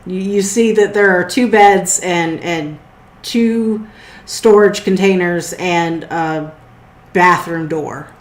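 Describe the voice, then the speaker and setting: A woman running a tabletop game as game master, describing scenes in a relaxed way with some fillers. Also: fairly low pitch, slow pace, echoey room.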